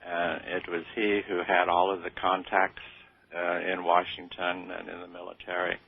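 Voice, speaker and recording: Gravelly low older man on a tinny line. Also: monotone, normal speed. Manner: hesitant, modest, with many fillers. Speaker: interview guest. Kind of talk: radio interview. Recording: tinny phone-like radio sound.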